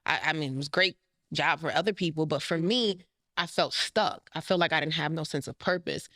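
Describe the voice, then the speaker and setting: A woman life coach telling her own story fast and candidly. Her voice is close and dry, with no room around it, and it often rises high when she gets emotional. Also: pushed and bright, dry recording. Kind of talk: candid personal interview.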